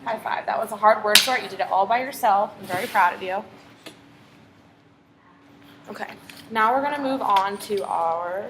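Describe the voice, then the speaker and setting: A woman's voice: mid-range voice, normal speed, long pauses, noisy background. A woman teacher tutoring one pupil in phonics, patient and encouraging, asking question after question. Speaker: reading teacher.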